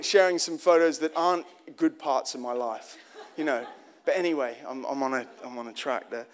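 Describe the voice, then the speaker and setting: A man preaching a sermon in an earnest, conversational way, often restarting phrases and asking the congregation direct questions. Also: sits high.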